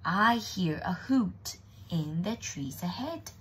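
A woman voicing a huge, gullible monster who speaks slowly and in wonder in a storybook reading. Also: on the low side, lively intonation, husky, heavily acted.

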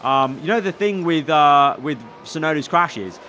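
Young male gaming YouTuber, excitable live play-by-play, crisp bright tone, soft music bed. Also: on the high side, a little slow. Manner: excitable, talks to himself while managing the race. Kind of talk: live game commentary.

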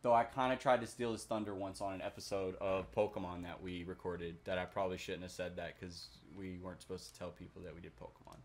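A man's voice: deep voice, steady tone, fast, hardly any pauses. A young man casually commenting while he plays a video game, swearing often and chatting with viewers. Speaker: gaming video host.

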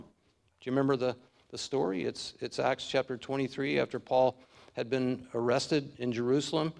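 A man's voice: medium pitch, vocal fry. Earnest male pastor preaching. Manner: earnest, rising to emphatic. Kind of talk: expository sermon.

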